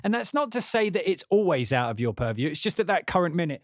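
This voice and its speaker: English composer guy rambling and swearing on a stream, voice a bit high, dry close sound. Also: very animated, fast, no room sound. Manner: rambling and profane, with many restarts. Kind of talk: casual livestream chat.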